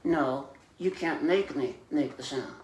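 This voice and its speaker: A man's voice: a little high, measured pace, darkish tone, natural voice. Cheeky back-talking dummy, voiced by a male ventriloquist, flirty, roomy sound. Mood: stubborn. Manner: sassy back-talk, teasing the audience.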